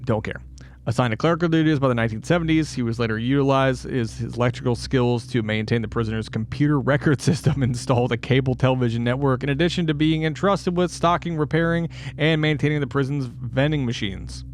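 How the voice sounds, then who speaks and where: A man's voice: mid-range voice, quick pace, few pauses, a little hiss or hum. A man co-hosting a casual true-crime podcast, swearing freely, laughing and acting out quotes. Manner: profane, laughing, acts out quotes. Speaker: podcast co-host.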